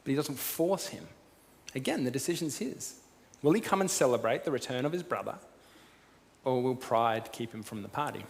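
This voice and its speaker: A pastor giving a sermon as casual storytelling, swinging from loud to hushed. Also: male voice, mid-range voice, expressive, moderate pace, creaky, a little hiss or hum. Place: church auditorium. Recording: long hall reverb.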